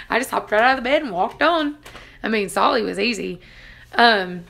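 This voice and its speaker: A woman's voice: fairly high pitch, moderate pace, vocal fry, pauses often, pushed and bright. Chatty woman telling stories. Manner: chatty, laughs often, acts out quotes. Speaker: vlogger reading live chat. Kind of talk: casual live-stream storytelling.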